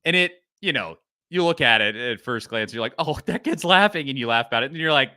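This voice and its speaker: A man hosting a casual sports podcast, chatting with laughs and rattling through ad reads quickly. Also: mid-range voice, smooth, no room sound, clean studio sound. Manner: lively, laughing, reads ad copy fast. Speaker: podcast host.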